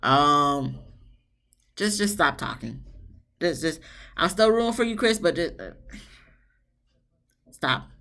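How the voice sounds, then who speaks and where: A sassy woman talks straight through a casual show review, blunt and animated, with frequent asides. Her voice sits a little low for a woman. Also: takes it slowly, pauses often.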